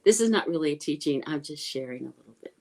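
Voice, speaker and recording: A woman with a low, soft, mellow voice talks through a teacher's life in an informal online dharma talk. She is earnest and a little apologetic and corrects herself as she goes. It sounds like a computer mic. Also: lively intonation, rough recording. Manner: chants prayer slowly in Tibetan.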